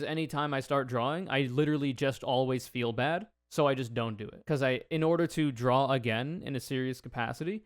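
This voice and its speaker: A man's voice: mid-range voice, a bit bright, clean tone, no room sound, clean studio sound. Laid-back, profane young man answering fan questions. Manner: laid-back, blunt and profane, rambling asides. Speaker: YouTuber answering viewer questions. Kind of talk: casual Q&A monologue.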